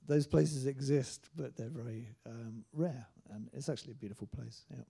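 A man with a deep, mellow, very dark tone talks at an onstage panel discussion. He hesitates and restarts his sentences, often reaching for fillers. His pitch sits in a middling range. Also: moderate pace, gravelly, husky. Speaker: writer-director guest.

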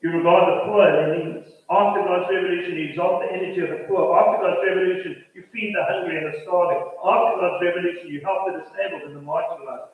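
Speaking fast with few pauses, a high-voiced South African pastor keeps a steady tone as he preaches. He builds his points by rhythmic repetition, and the narrow, tinny recording comes from a distant mic in a roomy church hall.

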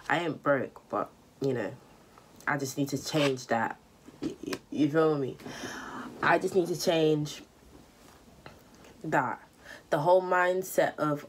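Young woman vlogger, low-pitched, blunt and scolding. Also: slow, pauses often, slight background noise. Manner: blunt, scolding, repetitive, slangy. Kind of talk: casual money-advice vlog.

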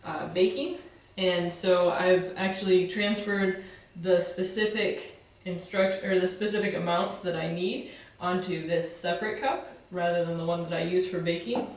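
A woman's voice: fairly low pitch, fairly even intonation, unhurried, far from the mic. Woman teaching in a very echoey kitchen. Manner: friendly explanatory, with fillers and restarts. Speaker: soap-making instructor. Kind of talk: casual home demonstration. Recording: very echoey room, voice from away from the mic.

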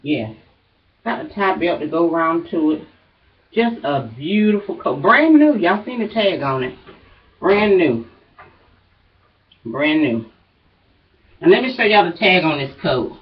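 A woman's voice: on the low side, big pitch swings, a little slow, long pauses. A woman, out of breath, chatting casually and folksily to her viewers as a vlogger. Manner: chatty, folksy, drawling asides. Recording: dull, distant home recording.

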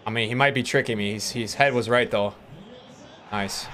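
A man's voice: fairly low pitch, normal speed, soft background music. A young man streaming a football video game, commenting casually, swearing often and talking to his chat. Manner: excitable, swears a lot, talks to chat. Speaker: gaming streamer.

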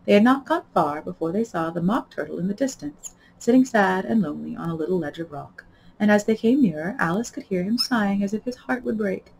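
A woman reading a children's story aloud for a library storytime, with expressive, animated delivery. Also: mid-range voice, fairly quick, gravelly, slight background noise, poor audio.

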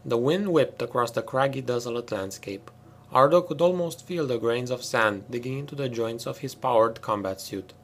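A man gives a steady, measured reading of a sci-fi novel in a self-made audiobook recording. His voice sits at a middling pitch with an even, unhurried delivery. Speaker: amateur audiobook narrator. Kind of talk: scripted audiobook narration. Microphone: self-made home recording.

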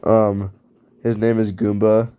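A video creator narrates casually while he draws, rambling and correcting himself offhandedly. His voice is lowish, level, slow and smooth, though the recording sounds muffled.

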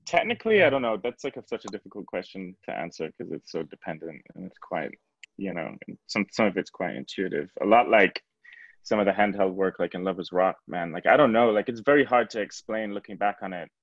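A man with a low voice describes his camera work on a panel, loose and searching, leaning on "like". The recording is dry and close. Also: animated, a little fast, no echo, lo-fi sound. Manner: searching, casual, heavy on "like". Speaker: cinematographer. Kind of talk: panel discussion.

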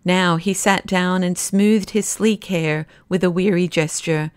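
Smooth-voiced woman narrating an audiobook. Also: on the low side, fairly even intonation, unhurried, dry recording, clean studio sound. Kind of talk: scripted narration.

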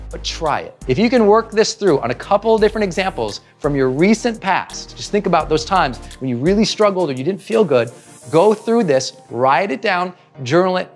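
A middle-aged man giving an emphatic motivational talk as a personal growth coach, repeating his key points. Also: a little high.

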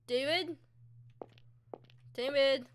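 A woman's voice: high voice, extremely slow, slight background noise. A young woman playing a game on video, chatting, reacting and reading the characters' lines aloud. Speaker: let's play gamer. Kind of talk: casual gameplay commentary reading dialogue aloud.

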